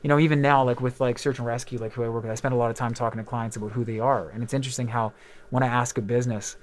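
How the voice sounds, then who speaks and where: A man's voice: medium pitch, steady tone, racing, a little hiss or hum. A man in his thirties, a podcast host and musician, chatting casually and telling rambling, candid stories full of fillers and the odd swear word. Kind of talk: casual chat.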